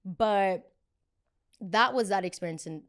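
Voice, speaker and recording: Young woman podcaster ranting through a story, lively, mid-pitched voice, acts out the other people. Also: slow. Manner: animated, reenacts arguments, swears freely. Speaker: podcast host. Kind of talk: casual storytelling.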